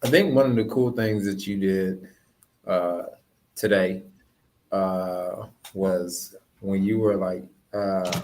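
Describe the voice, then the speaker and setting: A man's voice: sits low, steady tone, slow, darkish tone, slight background noise. A man co-hosting a casual podcast chat, laid-back and joking, with slangy phrasing. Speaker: co-host, real estate investor.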